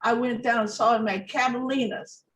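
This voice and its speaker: A woman from North Omaha, Nebraska, telling lively stories as a guest musician in a casual interview, often acting out other people's voices. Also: a little high, moderate pace. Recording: echoey, distant room sound.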